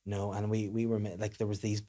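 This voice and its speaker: A man in middle age chats on a comedy podcast, his speech racing along at a brisk clip. He rambles through jokey stories, recorded close on a studio microphone. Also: on the low side, level tone, mellow. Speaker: podcast host. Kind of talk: casual comedy chat.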